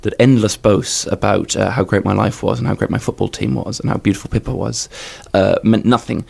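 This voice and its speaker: A young man giving a deadpan, stammering comic interview, repeating words as he goes. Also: lowish voice, a little fast, vocal fry, husky. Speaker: comedian guest. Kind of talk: improvised comedy interview.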